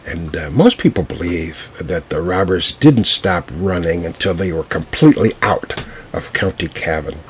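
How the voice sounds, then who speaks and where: Slow, deep-voiced male storyteller. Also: slight background noise. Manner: unhurried, with fillers and restarts. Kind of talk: told folk tale.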